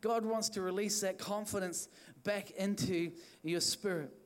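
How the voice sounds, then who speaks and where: Male NZ preacher, high-pitched, fervent and repetitive, church sermon. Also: steady tone, unhurried. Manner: fervent, repetitive exhortation with restarts. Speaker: pastor.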